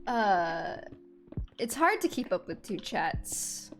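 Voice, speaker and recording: A woman's voice: medium pitch, big pitch swings, slow pace. A young woman streaming a game, chatting casually with her viewers and laughing often. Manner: chatty and giggly, talking to chat. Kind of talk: casual live-stream chat while gaming. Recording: faint music in background.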